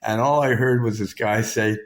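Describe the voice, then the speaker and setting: A man's voice: lowish voice, fairly even intonation, moderate pace. A man with a Canadian accent telling his own story in a raw, emotionally charged, profane way. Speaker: vlogger. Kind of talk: personal storytelling.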